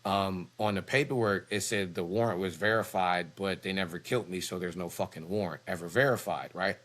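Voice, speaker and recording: A male preacher, telling a personal story in a heated, profane and animated way. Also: deep voice, brisk. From Philadelphia.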